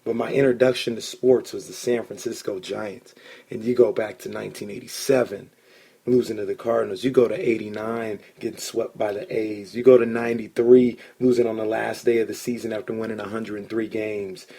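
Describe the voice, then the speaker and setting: A man hosting a casual sports podcast, an excitable storyteller who swears when he gets worked up. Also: fairly low pitch, a little fast, gravelly, breathy edge. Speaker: podcast host.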